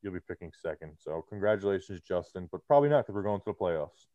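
Man, co-host, low warm voice, dry close sound, muffled, joking sports chat. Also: quick pace, no room sound. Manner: animated, joking. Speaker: podcast co-host. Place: home video call. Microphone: muffled behind a clear face shield.

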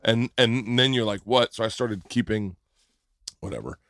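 A man's voice: lowish voice, moderate pace, fairly bright tone, dry recording, clean studio sound. A man hosting a podcast, telling a story in casual chat, often restarting his sentences. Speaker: podcast host.

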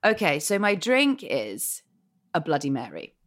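A woman's voice: low voice, measured pace. A woman guest on a podcast, telling funny stories in casual chat, with lots of restarts and laughing asides. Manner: chatty, many restarts, animated laughing asides.

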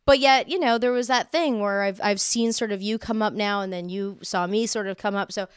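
Smooth-voiced animated woman from Canada. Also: mid-range voice, fairly quick, no echo, clean studio sound. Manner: animated storyteller, acts out quotes. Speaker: guest. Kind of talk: casual chat.

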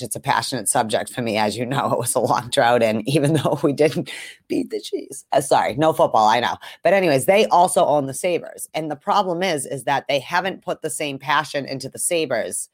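A woman from the Buffalo area co-hosting a casual sports podcast, talking in a rambling, animated way with frequent laughs and the odd swear word. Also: a bass voice, dry recording, studio quality. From Buffalo area, USA. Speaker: podcast co-host.

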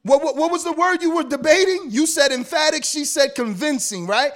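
A man's voice: very high voice, a little fast, a bit bright. A man hosting a boxing talk show, teasing and brushing off a guest while talking over the others. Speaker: podcast host. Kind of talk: heated panel debate.

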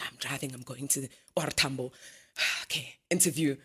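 A young woman, an interview guest telling her story in a lively way, acting out the dialogue and laughing often. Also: extremely low pitch, normal speed, slightly rough.

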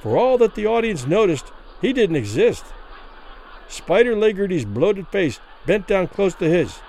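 Expressive male storyteller with a lively voice. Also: high voice, measured pace, low-quality recording. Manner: vivid, expressive narration. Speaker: narrator. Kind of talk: dramatic story reading.

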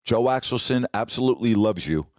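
A middle-aged man, a sportscaster, telling stories from his career in an animated, anecdotal way. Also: mid-range voice, fairly quick, no echo, studio quality. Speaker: sportscaster guest. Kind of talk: casual storytelling on a podcast.

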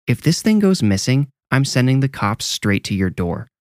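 A man's voice: medium pitch, big pitch swings, normal speed, a little mellow, no echo, clean studio sound, pitched above the performer's own voice, close to an everyday voice. A man playing a brash teenage girl. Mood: defiant. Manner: blunt, brash. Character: bold protective teenage older sister.

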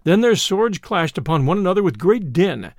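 A man narrating an old adventure tale as a storybook reading, in a lively, old-fashioned storytelling manner. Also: high-pitched, normal speed, dry recording, clean studio sound.

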